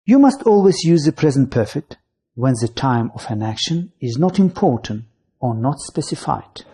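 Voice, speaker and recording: A voice narrating a scripted English grammar lesson, reading out rules, lists of signal words and example sentences in a measured way. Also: mid-range voice, very animated, mellow, slightly rough.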